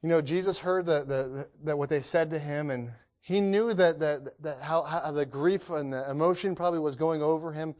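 A man preaching a sermon, earnest, asking rhetorical questions, repeating phrases and restarting often, swinging from loud emphasis to hushed lows. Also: moderate pace, few pauses.

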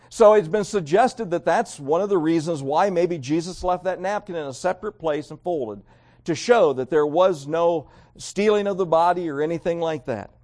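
A man preaching a sermon, reading King James scripture and swinging between raised emphasis and quiet, low endings. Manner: reads scripture aloud in King James wording. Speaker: pastor.

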